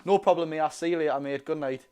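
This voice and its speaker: A Geordie man from North East England hosts a casual live watch-along stream, his voice a little high, mellow and clean, his delivery fast. He reads out viewer questions and answers them chattily, calling people "mate" and "lads".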